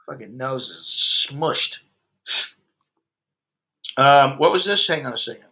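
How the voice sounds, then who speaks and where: Sharp-voiced, profane American man ranting. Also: medium pitch, very animated, takes it slowly. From United States. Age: 50s. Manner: profane, blunt, heated ranting. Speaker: expat vlogger. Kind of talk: ranting livestream chat with viewers.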